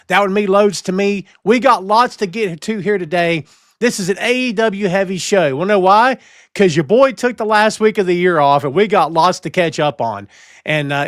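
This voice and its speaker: A man with a high voice hosts a live-streamed wrestling podcast, greeting chat viewers in a playful, theatrical manner. The recording is dry, with clean studio sound.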